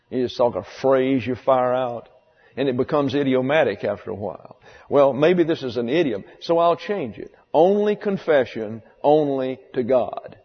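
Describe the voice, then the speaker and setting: A pastor giving a conversational sermon, repeating key phrases for emphasis. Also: male voice, medium pitch. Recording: dull lo-fi sound with long hall reverb.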